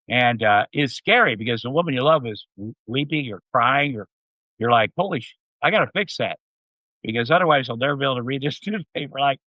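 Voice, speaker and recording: Male guest, sixties, mid pitch, rambling anecdotal delivery, dry and slightly muffled sound. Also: no room sound. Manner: rambling anecdotes with many fillers. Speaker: interview guest. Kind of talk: casual storytelling. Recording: dull, slightly muffled audio.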